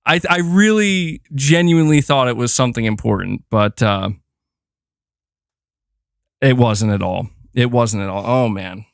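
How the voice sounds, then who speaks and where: A man's voice: medium pitch, unhurried, creaky, clean tone, dry recording, studio quality. A young man streaming from home, chatting casually and ranting with exasperation. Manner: animated, exasperated ranting with laughs. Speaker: gaming streamer. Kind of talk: casual live-stream chat. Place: home room.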